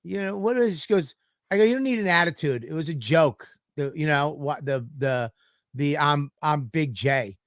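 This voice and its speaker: A man's voice: fairly high pitch, normal speed, a bit bright, no room sound, studio quality. A man co-hosting a podcast, telling a story in a profane, ranting way. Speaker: podcast co-host. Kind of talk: casual podcast chat.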